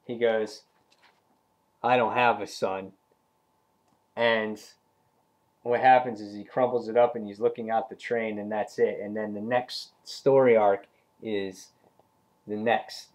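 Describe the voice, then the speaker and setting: A man's voice: lowish voice, level tone, unhurried, darkish tone. Rambling casual comic book reviewer man. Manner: rambling retelling with many fillers.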